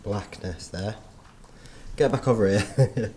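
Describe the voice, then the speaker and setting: A young man vlogging alone in a tunnel at night, talking quietly to his camera and keeping his voice down. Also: on the low side, measured pace, pauses often, slight background noise. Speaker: outdoor vlogger. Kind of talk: solo camping vlog, talking to camera. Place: inside a disused tunnel at night. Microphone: handheld camera.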